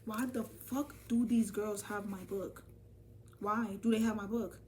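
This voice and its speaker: A young woman telling a casual storytime vlog, animated and profane, talking straight to her viewers. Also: mid-range voice, unhurried, far from the mic. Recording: voice from off the mic, faint ambient noise.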